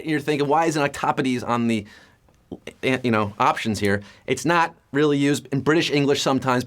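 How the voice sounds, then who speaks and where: A man hosting a live trivia game show, full of quick puns and jokes. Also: a little high, fairly bright tone. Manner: jokey, punny, quick patter.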